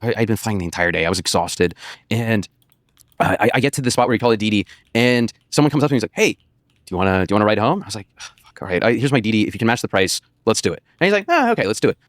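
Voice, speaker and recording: American dude rambling through a story on a podcast, laughs mid-sentence, talks quick, dry close sound. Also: male voice, on the low side, lively intonation, no room sound. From United States. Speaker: podcast guest.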